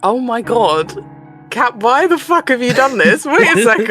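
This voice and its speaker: A woman plays a tabletop game, talking slowly in a bright, lively voice. She swears and laughs through big reactions while faint music runs behind. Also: on the high side. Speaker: player. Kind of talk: casual tabletop play.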